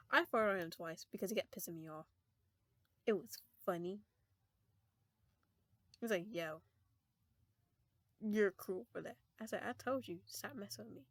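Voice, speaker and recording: A teenage girl vlogging to camera, animated and laughing, acting out her friends' lines in loud bursts. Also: mid-range voice, dry recording. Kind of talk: casual storytelling to camera.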